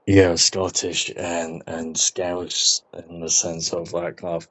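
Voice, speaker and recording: A man's voice: deep voice, completely flat delivery, slow, fairly bright tone, slight background noise, poor audio. A man chatting casually during a game, hesitant, often restarting his sentences. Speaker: gamer on voice chat. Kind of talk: casual chat while gaming.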